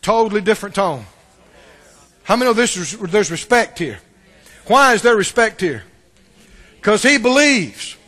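A man's voice: sits high, big pitch swings, measured pace, pauses often, pushed and bright. A pastor preaching a sermon, emphatic and questioning his listeners. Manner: emphatic, asks the congregation questions.

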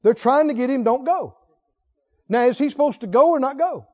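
A male preacher with a very high, slightly mellow voice talks fast, delivering a fervent sermon. He exhorts the congregation and calls on them to answer back, captured on a dull lo-fi recording.

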